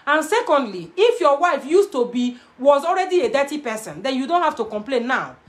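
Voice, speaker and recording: A woman's voice: high voice, very animated, fairly quick. A young Nigerian woman with a Nigerian accent, giving emphatic, preachy relationship advice to viewers and repeating her key points. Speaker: relationship adviser.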